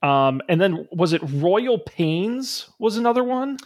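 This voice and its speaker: Chatty male podcast host, slightly high voice. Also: sing-song, takes it slowly. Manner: chatty, with frequent ums and uhs; upbeat and enthusiastic when plugging the show. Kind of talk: casual tech podcast chat and show plugs.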